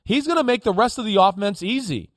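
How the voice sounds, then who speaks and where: A man's voice: sits high, lively intonation, fast talker, dry recording. A man working as a football analyst on a studio sports talk show, talking emphatically and acting out players' reactions.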